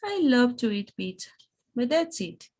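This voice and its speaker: A woman's voice: a little high, very animated, unhurried, darkish tone. A woman whose first language is Spanish, patiently teaching English grammar on a video call and checking in with frequent "okay"s. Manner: patient, explains step by step with many "okay"s. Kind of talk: online English grammar lesson.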